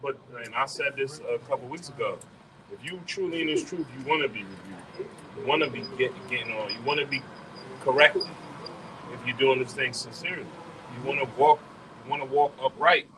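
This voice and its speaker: Earnest guy preaching outside, repeats lines for emphasis, medium voice, loud noise behind. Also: mid-range voice, fairly quick. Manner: earnest, repeats phrases, affirming interjections. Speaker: member of the group. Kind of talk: preaching in a group. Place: outdoors.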